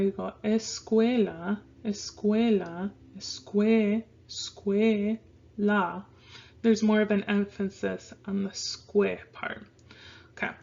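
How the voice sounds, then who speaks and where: A woman teaches a casual online language lesson at an unhurried pace, repeating each word several times so learners can practice. Her voice has a gravelly, creaky edge. The recording sounds dull and lo-fi. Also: mid-range voice, darkish tone. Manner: slow, repeats words for pronunciation practice. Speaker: Spanish teacher.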